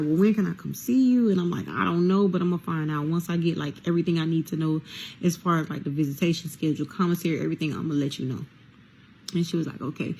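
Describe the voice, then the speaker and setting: Gravelly-voiced woman telling a candid story. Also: lowish voice, mellow, rough recording. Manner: candid, addresses listeners as y'all, swears freely. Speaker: storyteller recounting prison time. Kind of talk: casual storytime monologue.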